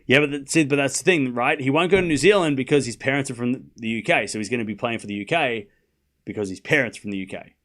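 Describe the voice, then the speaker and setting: An Australian man runs a live tennis stream, ranting casually and mockingly to his viewers. His mid-range voice moves at a quick pace, and he's animated, addressing chat directly.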